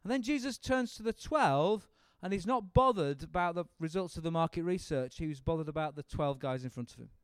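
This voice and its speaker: A man teaching a Bible seminar, animated and acting out the speakers in the story. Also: on the high side, fairly quick, few pauses, clear, resonant tone, no echo. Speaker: preacher leading a seminar. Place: seminar room with an audience.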